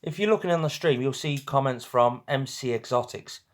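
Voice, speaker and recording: A man's voice: mid-range voice, normal speed. A young man from northwest England hosting a casual live stream, with a northwest English accent, chatty and teasing, laughing often with viewers. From St Helens, northwest England.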